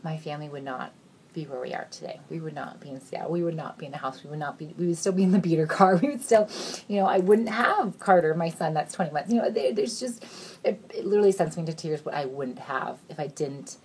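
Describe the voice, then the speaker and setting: A woman in her thirties giving an emotional recruitment pitch, earnest and gushing, near tears at times, swinging between excited highs and hushed near-whispers. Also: fast, slight background noise. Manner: earnest and gushing, says "you guys" a lot, voice rising and dropping to near whispers. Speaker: sales recruiter.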